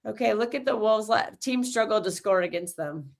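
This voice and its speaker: A woman's voice: medium pitch, normal speed, creaky. A woman co-hosting a casual streamed football chat, ranting in a frustrated, rambling way. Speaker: co-host.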